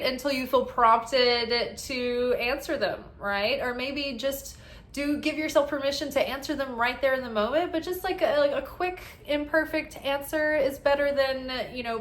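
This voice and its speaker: A woman's voice: a little high, a bit bright, reverberant. A woman giving casual spiritual guidance as an oracle card reader, chatty and upbeat, often tagging "right?" onto her thoughts.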